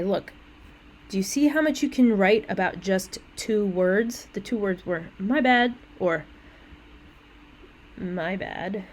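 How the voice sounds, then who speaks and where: A woman's voice: mid-range voice, low-quality recording. Casual, chatty woman instructor explaining an essay. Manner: conversational, with casual asides and self-corrections. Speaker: college English instructor. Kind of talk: walking through essay instructions.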